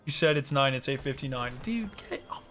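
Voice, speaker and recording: A man's voice: medium pitch, expressive, fast, fairly bright tone, faint music behind. Joking, swearing young male streamer. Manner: joking, profane, laughs often. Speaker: game streamer. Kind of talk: casual live-stream chat.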